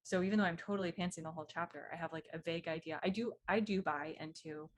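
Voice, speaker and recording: A woman's voice: fairly low pitch, steady tone, fast. A woman co-hosting a casual chat about writing, talking in a friendly, chatty, supportive way. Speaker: podcast co-host, novelist.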